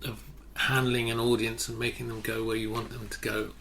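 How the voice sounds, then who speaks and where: Older man, bright tone, rambling anecdotal guest; slight noise floor. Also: mid-range voice, little pitch movement, fairly quick. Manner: anecdotal, self-correcting, many restarts. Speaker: guest photographer. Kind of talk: casual interview chat.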